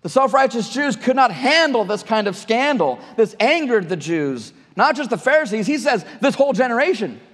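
High-voiced male pastor, hall reverb. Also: sing-song, moderate pace, hardly any pauses, fairly bright tone. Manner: conversational, restarts and repeats words while preaching. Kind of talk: sermon.

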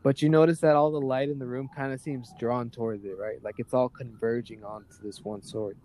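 A man's voice: medium pitch, fairly even intonation, brisk, a little mellow. A man narrating a tabletop role-playing game as game master, loose and rambling with many fillers.

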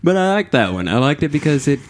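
A man's voice: fairly high pitch, very animated, quick pace. Joking guy co-hosting, voice bouncing all over, laughs at himself. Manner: self-mocking, laughs a lot. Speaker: podcast co-host. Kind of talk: casual chat.

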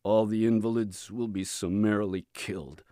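A man's voice: on the low side, moderate pace, dry recording, studio quality, close to an everyday voice. A man doing a weary, despairing prisoner. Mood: grim. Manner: weary, flat, hushed.

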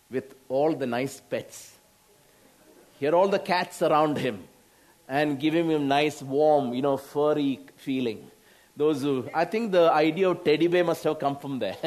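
A man with an Indian English accent preaching a sermon, slow, with frequent laughs and exclamations. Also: fairly high pitch, a little mellow.

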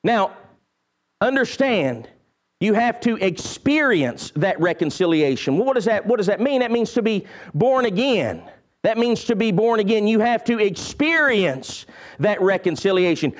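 A pastor delivers a sermon in a strikingly high voice for a man. He hammers key phrases again and again, leaping up in emphasis and then sinking low and soft. His delivery is fervent and insistent. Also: very animated, measured pace. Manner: emphatic preaching with heavy repetition and sudden rises and drops in pitch.

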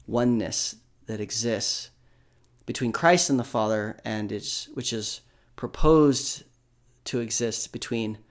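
A man giving reflective, soft-spoken commentary on a scripture discussion. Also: mid-range voice, slow pace. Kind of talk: video commentary.

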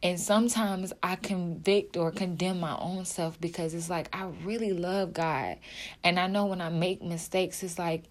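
A young woman speaks to her viewers about faith in a low-pitched, emotional voice. Her talk is heartfelt and casual, full of fillers and repeated phrases. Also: fairly even intonation, moderate pace. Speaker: video creator.

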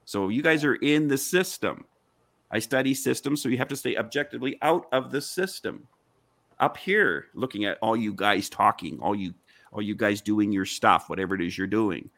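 A man's voice: mid-range voice, vocal fry, a bit bright, no echo. A man in a heated online panel discussion, arguing insistently and firing off rhetorical questions.

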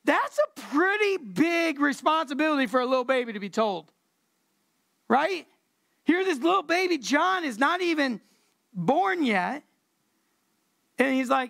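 A woman preacher giving a casual, conversational sermon, relaxed and slangy, repeating words for emphasis. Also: sits high, a little slow, gravelly, long pauses.

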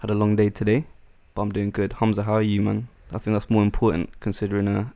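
A man's voice: on the low side, completely flat delivery, quick pace, warm tone, no room sound. A tired man co-hosting a podcast, laid-back and full of banter. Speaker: podcast co-host. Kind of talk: casual chat.

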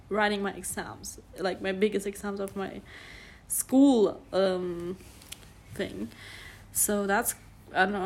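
A woman's voice: mid-range voice, slight background noise. A young German woman in her early twenties, a podcast host rambling casually in English with a German accent, full of fillers and self-corrections. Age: around 20. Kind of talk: casual solo podcast monologue.

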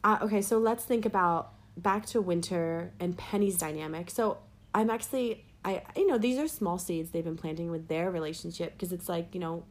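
A young woman co-hosting a casual chat, talking in an animated, rambling way and laughing often. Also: fairly low pitch, moderate pace. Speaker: podcast co-host. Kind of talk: casual chat about anime.

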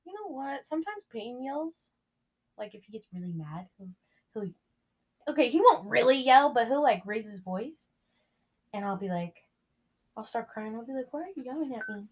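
A woman's voice: on the high side, big pitch swings, moderate pace, pauses often. A woman in casual chat who giggles often and talks about her boyfriend. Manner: giggly, chatty.

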